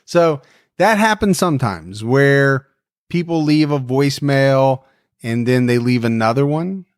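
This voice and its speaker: A man's voice: medium pitch, animated, unhurried, clean tone, dry recording, clean studio sound. A man co-hosting a podcast, chatting casually in joking, self-deprecating banter. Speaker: podcast co-host. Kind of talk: casual chat.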